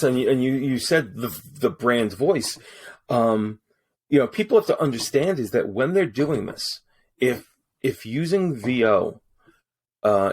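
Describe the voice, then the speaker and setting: A man's voice: medium pitch, slightly rough. Chatty voice-over man telling stories. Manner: animated storyteller with many restarts. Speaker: guest voice-over artist. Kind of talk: casual podcast conversation. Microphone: studio mic in his booth.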